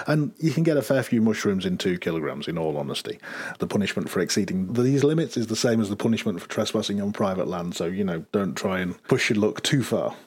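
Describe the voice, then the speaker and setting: A man's voice: lowish voice, a little mellow, breathy edge. A man on a podcast casually explaining rules, with many fillers and restarts. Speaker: podcast co-host.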